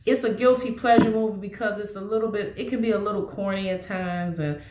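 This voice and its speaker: A woman's voice: medium pitch, fairly quick, echoey room, background noise. A woman chatting casually about movies, rambling along with frequent restarts and fillers. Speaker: movie vlogger.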